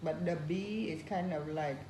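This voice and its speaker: A woman's voice: fairly low pitch, moderate pace, warm tone, roomy sound, slight background noise. A woman student in a language class, tentatively repeating sounds back to the teacher.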